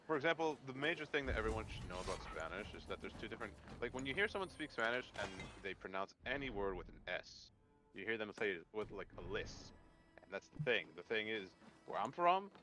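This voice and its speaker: A man's voice: fairly low pitch, sing-song, quick pace, over music, low-quality recording. A man from Nicaragua speaking in a casual podcast chat, explaining things while searching for words.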